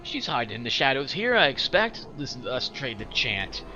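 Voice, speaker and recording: A man voicing a sly, scheming man on a crutch, talking slow, oily and threatening. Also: medium pitch, sing-song, lo-fi sound, music in the background, close to an everyday voice. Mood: smooth.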